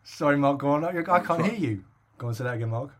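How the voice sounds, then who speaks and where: A man's voice: a little high, fast talker. A middle-aged man from England telling a long story in casual podcast chat, with lots of fillers and laughs. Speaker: podcast co-host.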